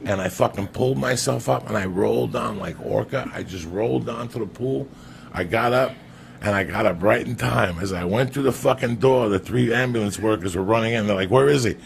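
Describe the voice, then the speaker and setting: Gravelly low-voiced man telling a profane story. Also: brisk, a little hiss or hum. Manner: profane, emphatic, keeps addressing the listener by name. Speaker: podcast storyteller. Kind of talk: casual comic storytelling.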